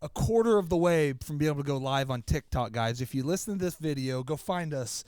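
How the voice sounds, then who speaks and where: Male podcast co-host, raised pitch, loose rambling delivery, dry studio. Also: lively intonation, brisk, a little mellow, clear, resonant tone, no echo. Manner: rambling, stop-start storyteller. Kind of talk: casual chat.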